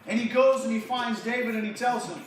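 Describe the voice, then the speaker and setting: A high-voiced man telling a Bible story to a youth group, lively and slangy. His voice bounces around a large church hall, picked up from far back, with a faint hiss under it. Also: brisk. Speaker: youth pastor.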